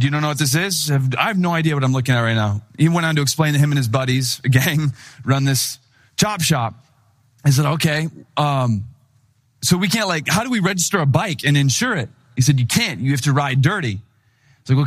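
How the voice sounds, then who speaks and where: A young man from Wisconsin preaching a sermon, telling a personal story with lively acted-out voices. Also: on the high side, a little fast. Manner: animated storyteller, acts out voices in anecdotes. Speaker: pastor.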